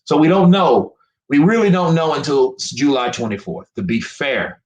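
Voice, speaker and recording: A man's voice: a little high, moderate pace, a little mellow, reverberant, low-quality recording. A man giving a live-stream rant about boxing, frustrated and profane, often repeating himself. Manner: emphatic, profane, repetitive.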